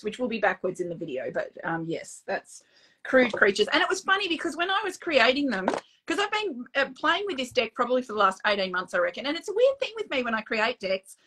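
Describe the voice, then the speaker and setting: A woman's voice: on the high side, big pitch swings, fairly quick, bright, forceful tone, low-quality recording. A woman with an Australian accent, a guest author chatting casually on a live stream, laughing often and swearing casually. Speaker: guest author, oracle card creator.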